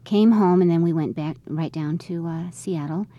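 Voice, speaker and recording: A woman's voice: fairly low pitch, normal speed, dark tone, no echo, lo-fi sound. A middle-aged woman telling a family story in an interview, acting out what people said along the way. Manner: conversational, re-enacts quoted dialogue. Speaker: interviewee, mother.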